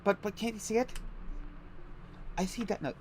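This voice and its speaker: A man's voice: high-pitched, normal speed, slight background noise. A man chatting casually on a game stream, rambling through tangents with laughs and crude jokes. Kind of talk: casual chat over a game.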